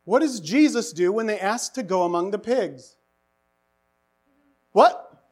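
A man preaching a sermon, animated and asking the congregation rhetorical questions, his voice rising to near-shouts for emphasis. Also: sits high, normal speed. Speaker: pastor.

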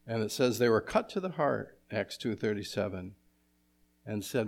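A man preaching an expository sermon as pastor, asking his congregation rhetorical questions and moving between emphatic and hushed delivery. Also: on the low side, big pitch swings, moderate pace.

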